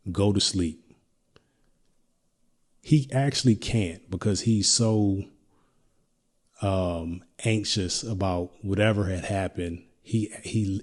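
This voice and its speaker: A middle-aged man hosting a podcast, telling a personal story in a reflective, halting way with many restarts. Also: low voice, a little mellow. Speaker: podcast host.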